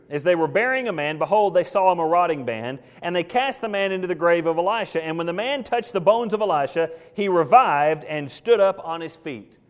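A male pastor preaching an expository sermon, talking conversationally, questioning his congregation and acting out what biblical figures might have thought. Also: fairly high pitch. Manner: acts out biblical figures' thoughts in quoted voices.

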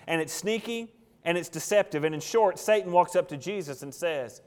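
A man's voice: high voice, moderate pace, a little mellow. A man pastor preaching a sermon, emphatic and full of rhetorical questions.

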